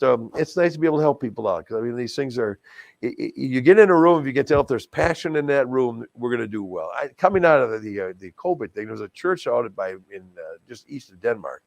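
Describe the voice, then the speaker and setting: An older man from Wisconsin, a TV anchor and charity auctioneer, telling stories in a folksy, animated, self-deprecating way in a casual interview. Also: medium pitch, quick pace, gravelly, no room sound.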